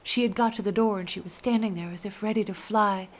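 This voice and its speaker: A woman's voice: medium pitch, fast. A woman telling a first-person story aloud, emotional, dropping to whispers at tense moments.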